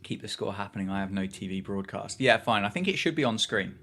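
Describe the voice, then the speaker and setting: A man's voice: fairly low pitch, animated, fast talker, fairly bright tone, a little hiss or hum. Chatty man hosting a watchalong. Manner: chatty, reads chat aloud and reacts to play. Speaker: livestream host. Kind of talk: casual cricket watchalong chat.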